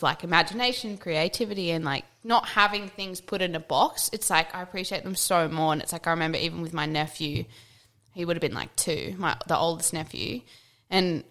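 A woman's voice: fairly low pitch, sharp tone. Chatty enthusiastic woman host. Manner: chatty, enthusiastic, many fillers. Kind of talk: casual chat.

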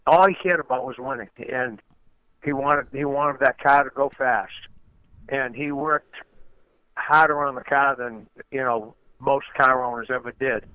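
A man's voice: mid-range voice, no room sound. An older man, a retired race car driver, telling stories as a guest in a rambling way, often restarting his phrases. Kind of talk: conversational storytelling. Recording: dull lo-fi audio.

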